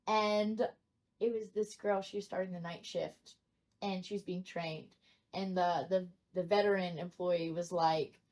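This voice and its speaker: A woman's voice: on the low side, measured pace. A woman hosting a casual chat, telling stories animatedly and acting out the people in them. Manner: animated storyteller, acts out quotes. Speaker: host.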